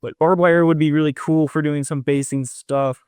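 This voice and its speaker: A man's voice: a little high, fairly even intonation, moderate pace, a little mellow, clean tone, no room sound, clean studio sound. A young man co-hosting a casual hobby chat, talking loosely with many fillers and restarts. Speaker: podcast co-host.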